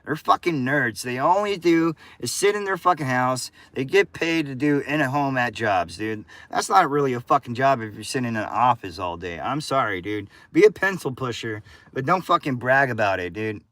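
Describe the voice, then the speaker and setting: An American streamer speaks in an animated mid-range voice, normal in speed with few pauses, a bit bright, with no room sound. He's casually chatting with viewers, and it comes out as a profane, combative rant at the chat.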